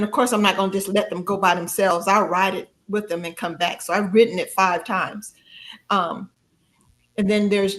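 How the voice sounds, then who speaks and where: On a podcast, a female guest tells a story from her own life in a chatty, animated style. Laughter comes often, and quoting herself sends her pitch soaring.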